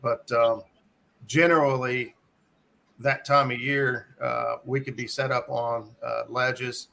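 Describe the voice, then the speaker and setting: A man on a casual fishing livestream, explaining his tactics in a steady way. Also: medium pitch, slow pace, creaky. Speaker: co-host, river angler.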